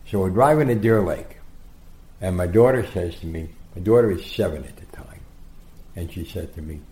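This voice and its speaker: A man being interviewed as a guest, telling rambling, animated anecdotes and acting out the quotes. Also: low voice, moderate pace. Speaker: guest storyteller. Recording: roomy echo.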